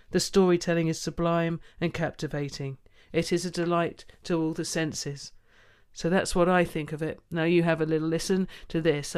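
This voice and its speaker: Smooth-voiced enthusiastic male radio host. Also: a little high. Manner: enthusiastic, effusive. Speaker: radio presenter. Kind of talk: radio book show presenting.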